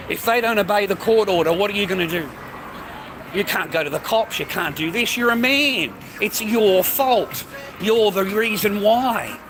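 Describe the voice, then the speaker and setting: Aussie vlogger, middle-aged man, high pitch, aggressive repetitive profane rant, noisy street recording with vehicles. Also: a bit bright. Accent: Australian. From Australia. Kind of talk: profane ranting monologue.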